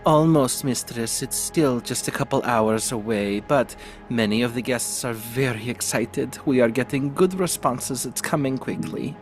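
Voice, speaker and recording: A man's voice: mid-range voice, unhurried, soft background music, lightly acted. Nervous servant girl, stammering apologies, played by a man.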